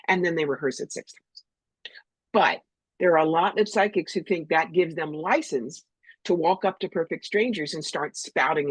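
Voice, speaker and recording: امرأة مسنّة من نيويورك بصوت أجشّ، تتحدث بصراحة وحيوية كضيفة في مقابلة، في تسجيل جاف قريب. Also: female voice, deep voice, husky, no room sound, poor audio. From New York. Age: older. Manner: blunt, animated, acts out voices. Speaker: psychic medium, guest. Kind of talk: storytelling interview talk.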